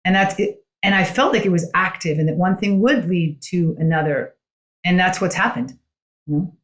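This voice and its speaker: A woman's voice: fairly low pitch, normal speed. A woman guest on a podcast, a coach, telling her story in an earnest, reflective way with frequent "you know" asides. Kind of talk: conversational storytelling.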